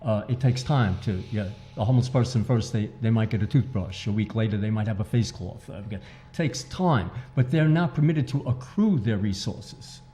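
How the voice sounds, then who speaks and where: Male guest author, mellow and dark, earnest, hammers home his points. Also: fairly low pitch, expressive, moderate pace, few pauses, slight background noise. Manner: earnest, emphatic, repeats key points. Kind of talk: interview talk.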